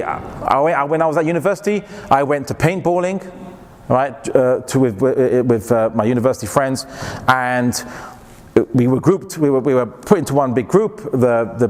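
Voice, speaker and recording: A man giving a university lecture, lively and digressive, full of restarts and jokey asides. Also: mid-range voice, long reverb tail. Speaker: guest lecturer.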